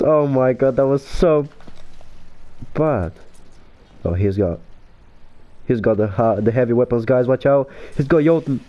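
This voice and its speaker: A young man commentating his own online shooter match, exclaiming over kills and deaths. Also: medium pitch. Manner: excitable, exclaims and narrates his own plays. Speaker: gaming YouTuber. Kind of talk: live gameplay commentary.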